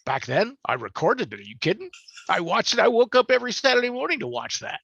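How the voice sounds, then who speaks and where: A man's voice: high-pitched, very animated, quick pace, creaky, sharp tone, breathy edge, no echo, highs cut off. An older man, a voice actor, chatting animatedly about his work in an interview. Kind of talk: interview storytelling.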